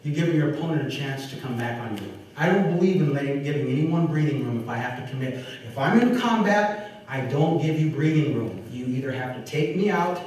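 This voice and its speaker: A man teaching a martial arts seminar, animated, talking while he demonstrates moves. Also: on the high side, a little fast. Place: large echoey training hall. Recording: echoey hall recorded from far off.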